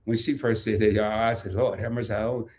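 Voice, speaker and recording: A middle-aged man hosting a casual live stream, talking in a playful, animated way and laughing often. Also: lowish voice, a little fast. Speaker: host.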